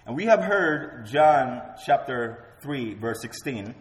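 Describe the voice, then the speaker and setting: A man's voice: medium pitch, animated, takes it slowly. A man preaching a sermon as pastor, emphatic and repeating key words for effect. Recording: roomy hall with long reverb.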